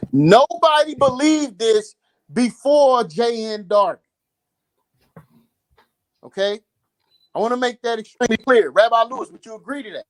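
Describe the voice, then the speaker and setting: High-voiced man hosting an online debate. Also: rough recording. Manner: emphatic, addresses listeners as family. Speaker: host. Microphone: video call.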